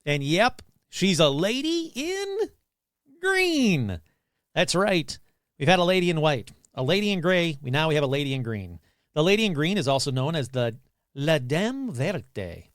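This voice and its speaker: A man's voice: a little high, sing-song, moderate pace, no room sound, clean studio sound. A man hosting a podcast, telling ghost stories casually with crude jokes and asides. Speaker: podcast host. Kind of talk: casual comedic storytelling.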